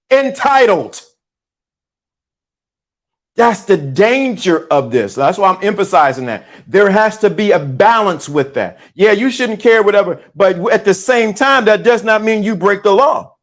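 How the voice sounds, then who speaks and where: A man, hosting a motivational talk and speaking to his chat like a preacher, repeating lines for emphasis. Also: high voice. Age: 50s. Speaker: host.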